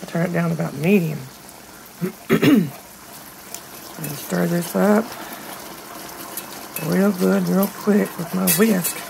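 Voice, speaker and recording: Woman, home cook host, very gravelly, hoarse, on a noisy handheld phone recording in the kitchen. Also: fairly low pitch, fairly even intonation, slow pace, long pauses, darkish tone. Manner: chatty, talks straight to viewers. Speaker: home cooking channel host. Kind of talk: casual cooking demonstration. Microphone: phone held in one hand.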